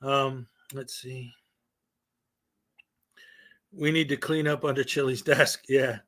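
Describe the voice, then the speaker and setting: A man's voice: medium pitch, steady tone, slow pace, fairly bright tone. A man hosting a casual livestream, talking to chat with sarcastic, joking asides. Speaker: channel host.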